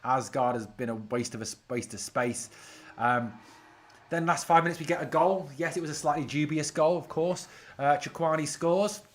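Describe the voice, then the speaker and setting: A man hosting a fan watch-along stream, giving casual live commentary and reading out viewers' comments, getting excitable when his team attacks. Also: on the high side, moderate pace.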